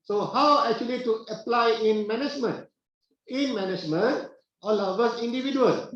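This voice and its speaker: High-voiced man lecturing in an echoey classroom. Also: fairly bright tone. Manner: unhurried, repetitive phrasing with frequent "uh" pauses and questions to the class. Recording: very echoey, dull classroom recording.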